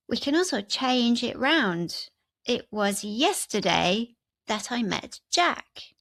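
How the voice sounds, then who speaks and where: A woman's voice: on the high side, very animated, slow pace, fairly bright tone, dry recording. A woman teaching an English grammar lesson, walking through example sentences step by step.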